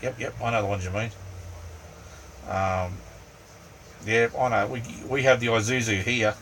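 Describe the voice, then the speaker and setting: In a small camper van, a middle-aged Australian man hosts a casual live chat, rambling in an easygoing way with many ums and "mate." His lowish voice is fairly bright, unhurried, and fairly even in intonation. A fan runs faintly behind him, picked up by a distant mic.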